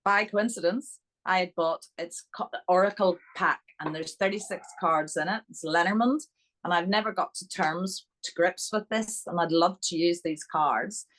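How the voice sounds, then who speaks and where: Northern Irish woman, low voice, animated podcast guest full of anecdotes. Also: moderate pace, poor audio. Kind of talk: podcast interview storytelling.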